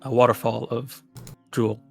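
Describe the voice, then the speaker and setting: A man's voice: mid-range voice, little pitch movement, measured pace, creaky, loud music behind the voice. A man playing a tabletop game, talking casually and hesitantly with many fillers. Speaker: player.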